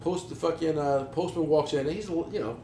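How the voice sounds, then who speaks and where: A man's voice: fairly high pitch, brisk, warm tone, reverberant, a little hiss or hum. A man, telling stories in casual chat with blunt, profane language. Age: 40s. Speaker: podcast co-host, business owner.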